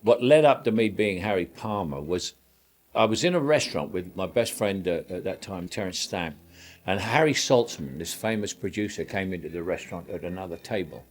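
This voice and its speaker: Low-voiced older man reminiscing. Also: expressive, normal speed. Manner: rambling recollection with frequent restarts and chuckles. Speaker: actor. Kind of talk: reminiscing interview.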